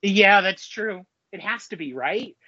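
A man in casual podcast chat, rambling and swearing, with a voice pitched a little high. The sound is dry and a bit dull, close to the mic. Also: lively intonation, a little slow, sharp tone, no room sound. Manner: rambling, swears freely, many fillers. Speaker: podcast co-host.

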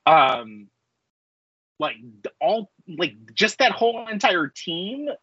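A man's voice: high-pitched, sing-song, slow, sharp tone, slightly rough, dry recording, dull audio. A man in his forties co-hosting a podcast, talking in a rambling casual way full of filler words and ranting. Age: 40s. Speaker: podcast co-host. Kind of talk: casual chat.

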